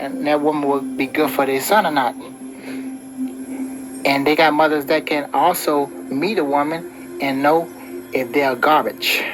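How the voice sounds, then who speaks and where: Brief: slightly high-voiced man, preachy rambling advice rant, music bed underneath. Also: low-quality recording. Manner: preachy, repeats "you know" often. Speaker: vlogger giving relationship advice. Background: background music.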